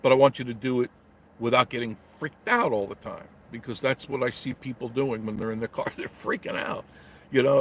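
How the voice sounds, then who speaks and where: A middle-aged man from New York, chatting live from inside his car in traffic, answering viewer comments in a blunt, joking way. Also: mid-range voice. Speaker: travel vlogger reading live chat. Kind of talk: casual live-stream chat from a parked car.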